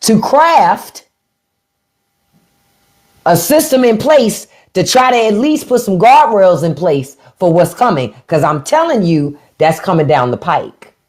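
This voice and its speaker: A woman's voice: mid-range voice, lively intonation, slow pace, darkish tone. Middle-aged woman on a livestream, blunt and mocking, voice swings all over. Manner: blunt and taunting. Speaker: livestream host. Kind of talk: casual livestream talk.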